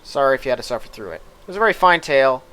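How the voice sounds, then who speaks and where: A man's voice: medium pitch, lively intonation, racing, a bit bright, natural voice. Talkative female muse poet with old-fashioned phrasing, read by a man in a plain voice. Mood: chatty. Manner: reads aloud in a plain voice, mock-archaic phrasing. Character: chatty female muse, frustrated, archaic-speaking poet.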